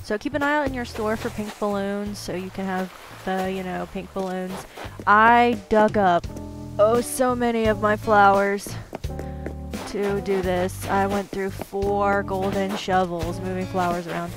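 A woman's voice: mid-range voice, steady tone, a little slow, over music. A woman hosting a gaming video, chatting casually and rambling upbeat while she plays. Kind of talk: casual gameplay commentary.

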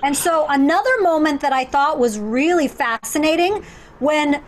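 High-voiced sardonic woman comic. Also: expressive, a little hiss or hum. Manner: quick, sardonic quips. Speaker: comedian co-host. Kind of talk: casual comedic chat. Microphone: video call.

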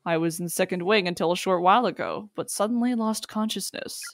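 A woman reading the lines of a calm, formal young man in a measured way. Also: on the low side, close to an everyday voice.

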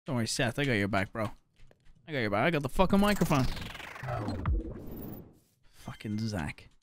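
A man's voice: mid-range voice, very animated, moderate pace, a little hiss or hum. A young man streaming a game, chatting casually and crudely, swearing and joking as he reads chat aloud. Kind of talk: casual live-stream commentary.

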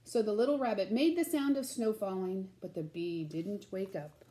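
A woman reading a children's story aloud in a gentle, sing-song, slow way. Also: mid-range voice.

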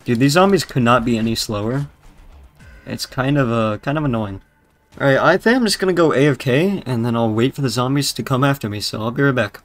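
A man's voice: medium pitch, brisk. A young man with a British accent giving crude, rambling, jokey commentary while playing a zombie video game. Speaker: gaming YouTuber. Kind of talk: casual gameplay commentary.

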